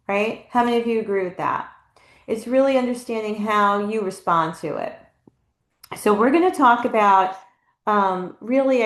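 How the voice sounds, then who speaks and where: A woman's voice: mid-range voice, fairly bright tone. Woman leading a live online training. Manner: conversational, asks the audience questions, reads chat replies. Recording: echoey room.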